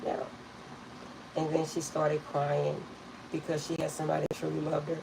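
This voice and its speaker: Low-voiced chatty middle-aged woman. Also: completely flat delivery, moderate pace, creaky, noisy background. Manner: rambling, chatty, laughs often. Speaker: tarot reader. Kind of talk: casual storytelling to viewers.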